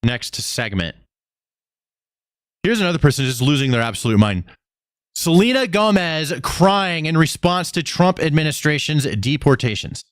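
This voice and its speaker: A man's voice: fairly high pitch, very animated, moderate pace, clean tone, no room sound, studio quality. A man hosting a live stream, giving a profane, sarcastic, exasperated commentary rant. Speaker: streamer host.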